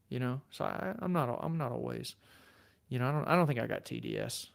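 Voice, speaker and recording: A man's voice: medium pitch, fairly quick, gravelly. A middle-aged man with a Southern accent, a lawyer hosting a casual livestream and chatting easily through viewer comments. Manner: relaxed, chatty, self-deprecating. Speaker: lawyer and channel host.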